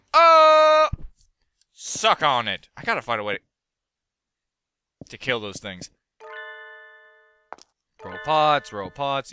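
A man giving let's play commentary, talking to himself and the characters on screen, and yelping and cursing when things go wrong. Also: medium pitch. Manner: excitable, yelping and cursing at the game. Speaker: gaming video host.

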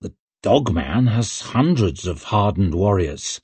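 A man's voice: lowish voice, animated, slow pace, darkish tone, husky, no echo, exaggerated voice. A man voicing a brash young male lord and war hero, blunt and boastful.

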